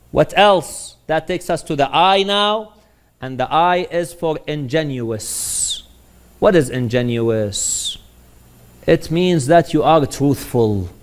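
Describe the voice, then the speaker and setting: A man preaching a sermon, telling stories with animation and putting questions to his audience. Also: mid-range voice.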